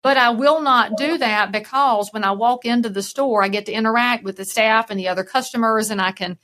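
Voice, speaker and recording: A woman's voice: fairly high pitch, fairly quick, noisy background. A woman with a Southern US accent, a real estate broker talking frankly in a podcast interview. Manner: frank, lively storyteller.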